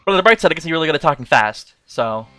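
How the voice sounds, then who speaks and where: Streamer, man with a light Newfoundland accent, chatty and amused, crisp dry voice. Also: fairly high pitch, lively intonation, rapid-fire, bright, forceful tone, no echo, faint music behind. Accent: mild Newfoundland. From Newfoundland, Canada. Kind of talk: casual chat.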